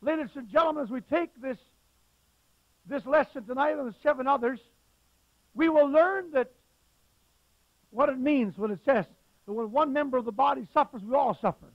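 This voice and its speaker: A man preaching a sermon as a pastor, with emphatic stresses that suddenly grow loud. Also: extremely high pitch, normal speed, long pauses, no room sound, highs cut off.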